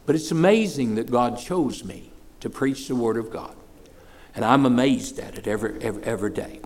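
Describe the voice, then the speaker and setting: A man in his sixties, a pastor preaching a sermon in church, folksy and plain-spoken, swelling loud for praise and then dropping low and soft. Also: fairly quick. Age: 60s.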